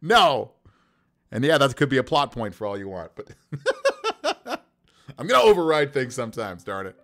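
Lively man rolling up characters. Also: mid-range voice, normal speed. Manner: animated, laughs often, talks to chat while rolling dice. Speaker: game master building characters. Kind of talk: casual livestream chat.

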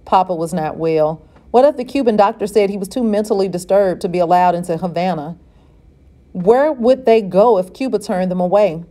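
A woman reading a novel aloud in a steady, measured way. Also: mid-range voice. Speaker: reader.

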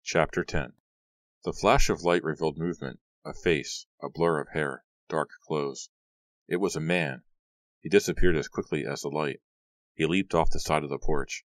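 Man with a very deep voice narrating. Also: normal speed, no room sound. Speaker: audiobook narrator. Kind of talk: scripted narration.

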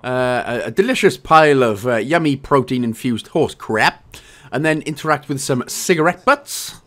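A man's voice: mid-range voice, animated, normal speed, a bit bright. A man from Wales giving a casual, jokey game walkthrough, chatty and often correcting himself. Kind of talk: casual gameplay commentary.

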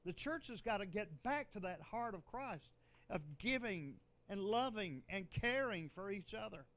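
A man's voice: high-pitched, lively intonation, measured pace, fairly bright tone. An older man, a bishop, preaching a sermon in a conversational way, with joking asides and laughter.

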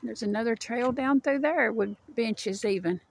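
A woman's voice: a little high, moderate pace, gravelly. A woman chatting casually as she walks her dog along a wooded park trail, a little out of breath. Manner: chatty, rambling, talks sweetly to her dog. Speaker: vlogger walking her dog. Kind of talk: casual walking narration.

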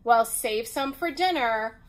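A woman's voice: a little high, takes it slowly. A woman voicing an absent-minded, kindly mother in a storybook reading.

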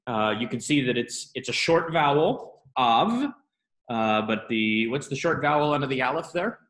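A man's voice: mid-range voice, animated, normal speed, a bit bright. A man teaching a class, explaining step by step and asking students questions as he goes. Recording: roomy classroom echo.

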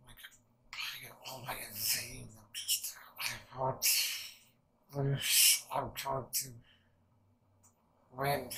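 A man talks through an anime reaction in a loose, rambling way, swearing freely and leaning on filler words. His voice is bright and forceful at a mid pitch, with a gravelly edge. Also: slight background noise, poor audio. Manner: rambling, excitable, swears often, many fillers. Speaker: anime reaction channel host. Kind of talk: casual anime reaction commentary.

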